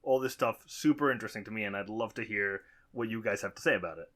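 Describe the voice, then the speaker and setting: A man's voice: on the low side, fast, a bit bright. A man hosting a casual podcast interview, easygoing and laughing often, asking strings of questions. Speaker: podcast host.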